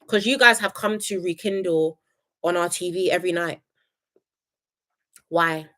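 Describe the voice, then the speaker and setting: A young woman, reviewing a reality show on a casual live stream, opinionated and chatty, reading viewer comments aloud. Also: unhurried. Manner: animated, jumps between high excited greetings and low asides.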